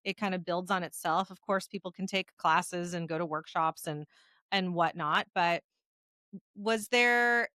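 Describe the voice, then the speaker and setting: A woman hosting an interview, setting up long, considered questions at an easy pace. Her voice is bright and mid-pitched, and it sounds dry and close to the mic. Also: a little slow, dry recording. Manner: thoughtful, builds long framing questions. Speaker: podcast host.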